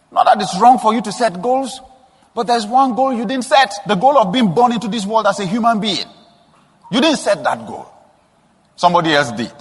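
A man preaching a sermon, telling stories with soft asides and sudden emphatic rises. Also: high-pitched, breathy edge. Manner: storytelling with rising emphatic bursts and soft asides. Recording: long hall reverb.

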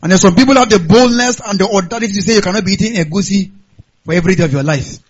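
A Nigerian man preaching a sermon as a pastor, animated and punctuated with hallelujahs. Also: high-pitched, very fast, slightly rough, muffled recording.

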